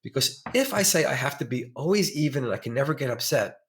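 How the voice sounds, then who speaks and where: An earnest middle-aged man at an ordinary middle pitch, talking through his ideas as a therapist guest in a relaxed interview. He leans into key words, slowing down or rushing ahead for emphasis, and keeps reaching for concrete examples. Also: a little hiss or hum. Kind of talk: conversational interview.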